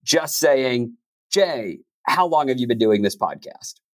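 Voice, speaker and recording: A man's voice: medium pitch, lively intonation, unhurried, no room sound. A man talking casually and reflectively in an interview, with many "like"s. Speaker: podcast host and narrator. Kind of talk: interview conversation.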